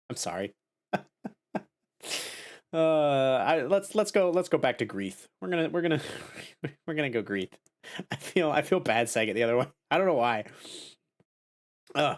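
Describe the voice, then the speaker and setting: Goofy, excitable male streamer. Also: on the high side, slow, pauses often. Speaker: game streamer. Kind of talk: casual live-stream commentary.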